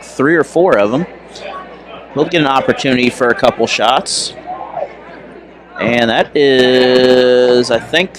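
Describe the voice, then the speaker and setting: A young man giving casual, chatty play-by-play for a high school basketball game, now and then correcting himself. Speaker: play-by-play announcer. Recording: noisy gym recording.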